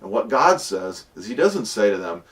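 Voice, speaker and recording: A man with a fairly low voice teaches a casual Bible lesson. He tells the stories with lively energy and acts out voices along the way. The mic sits a little away from him. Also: normal speed, far from the mic. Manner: lively storytelling, acting out voices of characters.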